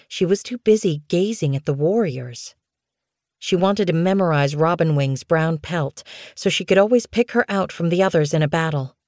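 A woman with a low voice reads a storybook aloud in an even, clear way. The sound is close and very dry, as in a studio booth. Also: no room sound. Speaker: audiobook narrator. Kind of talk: scripted storybook narration.

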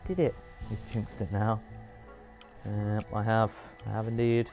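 A man hosting a live game stream, chatting and reacting with animated, laugh-prone commentary. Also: fairly low pitch, measured pace, faint music behind. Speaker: streamer host.

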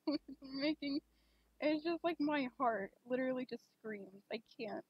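A young woman streaming a game, chatting casually and rambling with lots of fillers, gushing excitedly at times. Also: high voice, unhurried, breathy edge, no room sound. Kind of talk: casual live-stream chat. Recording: dull lo-fi stream mic.

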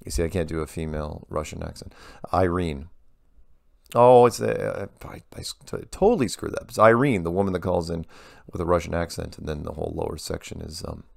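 A man's voice: low voice, a little fast, creaky, no room sound. A man hosting a show where he reads out and answers viewer emails, talking casually and rambling with frequent restarts. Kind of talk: casual monologue.

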